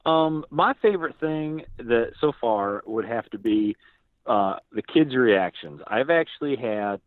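A man, a podcast guest, chatting casually and telling lively stories in which he acts out what other people said. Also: mid-range voice, unhurried, dry recording. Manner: animated storyteller who acts out other people's lines. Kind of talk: casual storytelling chat. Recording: tinny phone-like line, dry.

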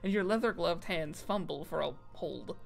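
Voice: medium pitch, moderate pace, vocal fry, soft background music. A streamer reading game text aloud on a casual stream, often stumbling over words and making fun of themself.

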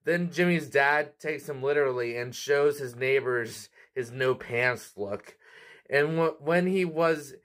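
A man's voice: medium pitch, a bit bright. A man hosting a cartoon review channel, talking in a chatty, casual way with frequent laughs. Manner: chatty, laughs often, quick asides.

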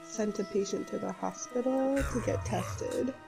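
A woman's voice: medium pitch, unhurried, gravelly, over music. A woman chatting casually on a gaming stream in a dry, matter-of-fact way. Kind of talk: casual chat over gameplay.

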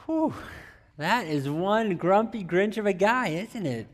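A man's voice: high voice, animated, measured pace. A man preaching a conversational sermon, often asking the audience questions and adding playful teasing asides. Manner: chatty, asks the audience questions, many restarts. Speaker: pastor.

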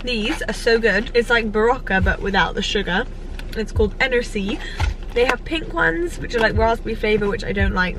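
A young woman chats away for her vlog in a bubbly, giggly manner, her voice sitting in a middling range. Loud background noise runs under everything she says. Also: medium pitch. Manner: chatty, giggly, animated. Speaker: vlogger. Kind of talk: casual vlog chat.

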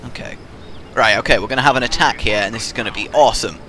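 A man narrates his strategy match as he plays, excitable and quick to swear and trash-talk. His voice is bright. A faint hum sits underneath. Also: medium pitch. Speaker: gaming video host. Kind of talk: live gameplay commentary.

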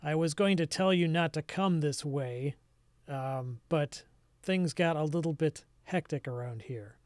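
A man's voice: a little high, a little slow, a little mellow, dry recording, lightly acted. A man voicing an authoritative, impatient duke in a tabletop game. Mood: curt. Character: authoritative male duke, curt and demanding.

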